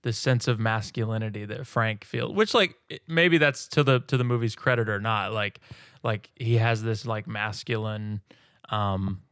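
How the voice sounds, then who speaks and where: A man's voice: lowish voice, normal speed, a bit bright, clean tone, dry recording, clean studio sound. A man co-hosting a casual movie-review podcast, reacting with wry jokes and lots of fillers. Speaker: podcast co-host.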